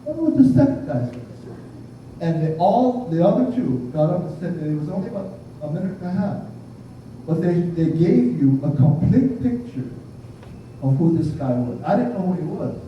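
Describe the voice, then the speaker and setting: A man's voice: sits high, lively intonation, moderate pace, slight background noise. An older man, a Buddhist minister, giving a blunt, humorous sermon in a conversational storytelling way. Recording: echoey hall, distant, muffled.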